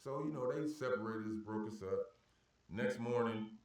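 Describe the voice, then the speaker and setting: A man's voice: on the low side, moderate pace. Cursing man telling a heated story, roomy echo. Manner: heated, cursing, acts out shouted exchanges. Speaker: podcast guest telling a story. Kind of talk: profane animated storytelling. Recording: roomy echo, far from the mic.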